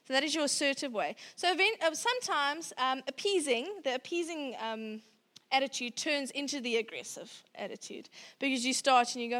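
A woman in her thirties giving a casual parenting workshop talk, chatty and animated, acting out parents and children. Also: high voice, fairly quick. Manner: chatty and animated, acts out parent and child voices, laughs often.

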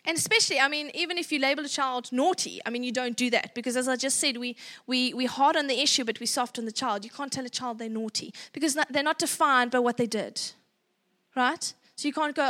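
A woman in her thirties giving a casual parenting workshop talk, chatty and animated, acting out parents and children. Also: high-pitched, a little fast. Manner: chatty and animated, acts out parent and child voices, laughs often.

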